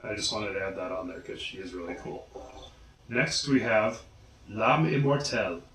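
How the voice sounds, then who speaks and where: A man hosting a casual video guide, slowly and deliberately enunciating each name. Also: deep voice, fairly bright tone, a little hiss or hum. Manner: slow, deliberate enunciation of names. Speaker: vlogger. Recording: echoey room.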